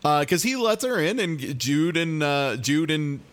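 A man's voice: a little high, expressive, measured pace, a bit bright, clean tone. A man co-hosting a podcast, recapping an episode in casual chat with laughs and mock outrage. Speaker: podcast co-host.

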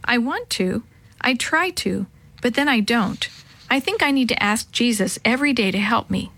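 A woman voicing an eager, adventurous boy in a storybook reading, talking in a rush of excitement. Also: fairly high pitch, moderate pace, no room sound. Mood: wondering.

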